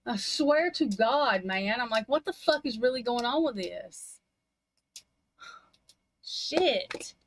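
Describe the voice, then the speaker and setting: A woman's voice: fairly high pitch, animated, slow, long pauses, low-quality recording. A woman chatting casually on a livestream in a rambling, blunt, heavily profane way. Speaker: livestream chat participant. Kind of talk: casual chat.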